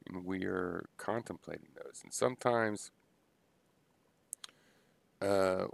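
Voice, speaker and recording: Slow, gravelly low-voiced man musing. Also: no echo. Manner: halting, many restarts and pauses, thinking aloud. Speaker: video blogger musing on philosophy. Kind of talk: unscripted philosophical monologue.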